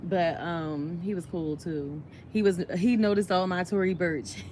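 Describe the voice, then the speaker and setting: Laid-back woman chatting, low voice. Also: steady tone, a little slow, dark tone, a little hiss or hum. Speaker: vlogger. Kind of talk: casual chat while eating.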